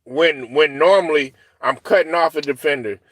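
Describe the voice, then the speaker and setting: A man's voice: fairly high pitch, normal speed. A man co-hosting a sports talk show, talking casually with lots of fillers and restarts, swearing and acting out other people's lines. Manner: animated, profane, full of fillers and restarts.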